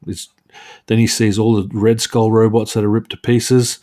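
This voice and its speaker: A man with a lowish voice runs through a comic story on his podcast. His talk is casual and rambling, with fillers, and he is quick to poke fun at himself. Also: flat delivery, warm tone. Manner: chatty and self-mocking, laughs at his own jokes. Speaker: podcast host. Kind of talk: casual comic book recap.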